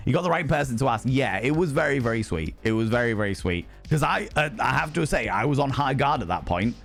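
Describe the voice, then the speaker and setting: Guy, young, casual swearing storyteller, mid pitch, faint music behind. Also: quick pace, vocal fry. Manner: swears freely, animated retelling with quoted voices. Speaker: streamer.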